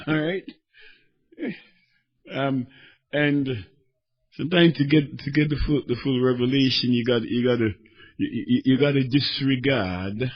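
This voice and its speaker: A man preaching a sermon, swinging between fervent shouting and quieter teaching as he reads scripture. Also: mid-range voice. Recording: dull lo-fi recording.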